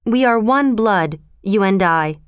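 A woman's voice: mid-range voice, animated, a little slow, clean tone, no room sound, studio quality, close to an everyday voice. A woman voicing an eager young jungle boy in a storybook reading, in a raised, earnest voice.

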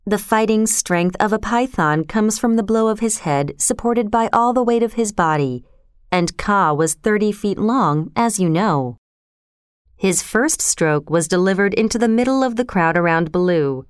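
A woman narrating a storybook in a calm, expressive reading. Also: medium pitch, moderate pace, clean tone, dry recording, clean studio sound.

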